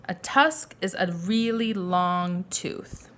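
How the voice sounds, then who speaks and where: A woman teacher reads a picture book aloud to young children, stopping to ask them questions. Her voice is bright and swings lively in pitch at an unhurried pace. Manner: friendly questions to young listeners. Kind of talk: children's story read-aloud lesson.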